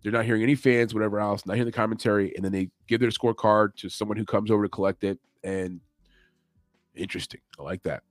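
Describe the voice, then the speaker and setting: Male podcast host, lowish voice, loose chatty delivery, dry close mic with faint music under. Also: steady tone, quick pace, no echo. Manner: loose, chatty, thinks aloud. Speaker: MMA betting podcast host. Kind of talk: casual chat.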